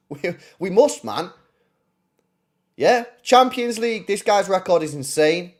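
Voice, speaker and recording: Animated, foul-mouthed football streamer. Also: male voice, a little high. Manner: animated, blunt and profane, repeats himself. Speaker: football channel host. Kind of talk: casual livestream chat.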